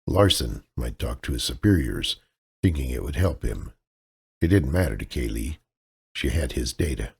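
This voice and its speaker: A man reading a novel aloud as narrator, with steady, dramatic storytelling. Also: sits low, husky. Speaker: audiobook narrator. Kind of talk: scripted narration.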